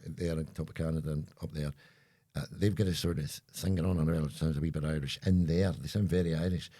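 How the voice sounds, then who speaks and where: A man's voice: very deep voice, steady tone, a little fast, dark tone. A Scottish man co-hosting a podcast, chatting in a joking, rambling way. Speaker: podcast co-host. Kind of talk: casual chat.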